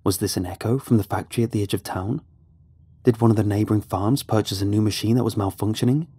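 A man narrating a first-person horror story in a measured, suspenseful way. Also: lowish voice, steady tone, dark tone, husky, no echo. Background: faint music.

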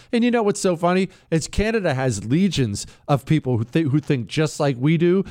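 A man's voice: medium pitch, no echo. A man hosting a talk show, his voice leaping up and down as he mocks and riffs. He sounds dry and close to the mic, with no room around him. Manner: sarcastic, animated, riffs and mocks. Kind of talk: casual opinion talk show.

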